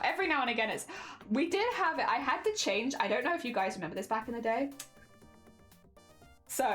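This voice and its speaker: A woman's voice: on the high side, fairly bright tone. A young woman chatting casually on a livestream, giggly and reading chat aloud. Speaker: streamer.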